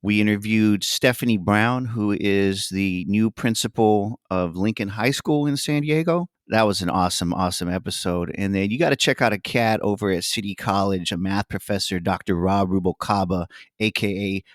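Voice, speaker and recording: A man's voice: lowish voice, normal speed, no echo, studio quality. A man co-hosting a podcast, laid-back and appreciative, with casual slang. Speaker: podcast co-host.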